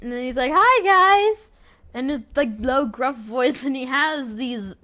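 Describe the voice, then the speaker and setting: A young woman co-hosting, joking and giggly, animated in her telling. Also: high voice, measured pace. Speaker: co-host, daughter.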